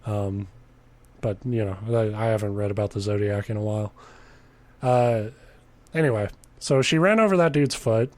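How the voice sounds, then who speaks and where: A man's voice: on the low side, normal speed, a little mellow, no echo. Joking male podcast host reading aloud. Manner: jokey, laughs often, mock voices when quoting. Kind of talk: casual chat and reading aloud.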